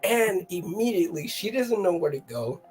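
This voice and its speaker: A guest telling a funny family story in a casual chat, animated and often laughing, with a slightly husky voice. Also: medium pitch, normal speed, faint music behind.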